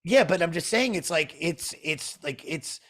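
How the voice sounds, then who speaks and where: A man's voice: a little high, lively intonation, measured pace, a bit bright. A man hosting a podcast in a casual chat. He laughs easily and talks in a loose, friendly way. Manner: chatty, laughs easily, says "dude". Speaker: podcast host.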